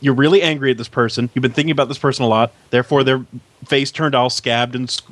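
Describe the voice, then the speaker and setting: Blunt, deadpan podcast man. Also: mid-range voice, fast, no room sound. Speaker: podcast co-host. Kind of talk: comedic podcast banter.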